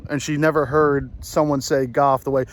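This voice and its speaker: With a medium, level-toned voice at a moderate pace, this late-twenties vlogger from New Jersey chats while playing golf outside. Slight background noise is present, and his self-deprecating, rambling stories are full of fillers and restarts.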